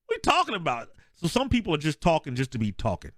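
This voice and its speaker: On a podcast, a male co-host with a slightly high voice talks fast while spinning casual sports stories, laughing a lot and acting out what people said. The studio recording has no echo.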